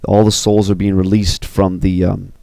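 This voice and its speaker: Man, deep and gravelly, casual film storyteller with lots of fillers, dry close mic. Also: normal speed, no room sound. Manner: animated, filler-heavy with you know and uh. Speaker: storyteller recounting an animated film. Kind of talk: casual retelling.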